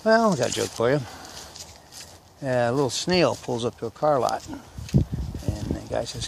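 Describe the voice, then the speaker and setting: A man's voice: medium pitch, lively intonation, unhurried, creaky, long pauses, noisy background. A man vlogging on a hike who rambles in a folksy, joking way while walking through woods and country roads. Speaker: hiking vlogger. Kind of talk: casual joke-telling vlog.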